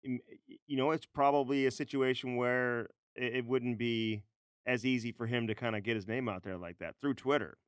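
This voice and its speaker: Man, podcast co-host, relaxed and agreeable, mid-pitched voice, dry close sound. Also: moderate pace, clear, resonant tone, dry recording. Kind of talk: casual chat.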